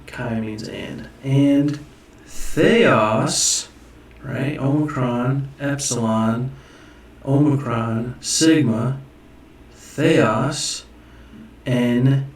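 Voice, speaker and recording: Casual teacher, man, gravelly and unhurried, off-mic in a roomy space, muses aloud. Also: medium pitch, darkish tone, recorded from a distance. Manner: musing, self-correcting, thinking aloud. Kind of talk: casual screen-share lesson. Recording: echoey room, off-mic.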